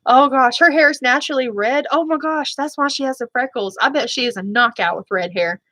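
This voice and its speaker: A woman's voice: high voice, fairly quick, a bit bright, no echo. A woman beauty vlogger chatting casually, rambling and often apologizing as she talks. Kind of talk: casual chat.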